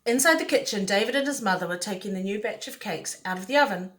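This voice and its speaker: A woman's voice: medium pitch, animated, fast, a bit bright. A woman reading a picture book aloud, playful, with chatty asides to the listener. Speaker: storyteller.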